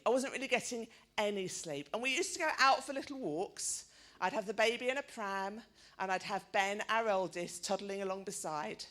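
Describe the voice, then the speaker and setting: Lively, chatty woman preaching. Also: mid-range voice. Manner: chatty storytelling, asking the listeners questions. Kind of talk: sermon.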